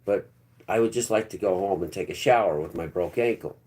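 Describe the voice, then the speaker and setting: A man's voice: low voice, a little fast, darkish tone. A man hosting a live stream, telling a long personal story in a rambling, blunt, earthy way.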